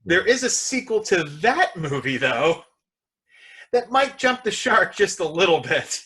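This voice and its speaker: A man's voice: sits high, very animated, a little slow, sharp tone, husky. A man hosting a podcast, chatting casually with guests and making wry, joking asides. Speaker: podcast host. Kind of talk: casual chat.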